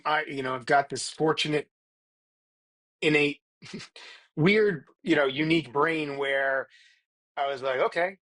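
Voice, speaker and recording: A man's voice: fairly high pitch, a bit bright. A middle-aged man speaking earnestly as a guest on a casual podcast interview, often restarting his sentences. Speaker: guest, performance psychologist.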